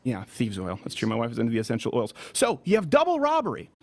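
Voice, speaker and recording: A man hosting a political commentary show from a studio, with an animated, mocking delivery. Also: medium pitch, fast. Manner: animated, mocking, breaks into shouted impressions. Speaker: talk show host.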